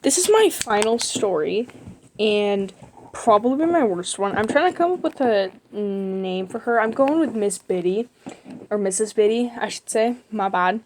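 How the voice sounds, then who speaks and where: A woman's voice: mid-range voice, expressive, darkish tone, slight background noise. Teen girl YouTuber, chatty storyteller, mid-range voice, acts out the people in her stories. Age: teens. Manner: quick, rambling with many fillers. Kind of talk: casual storytelling.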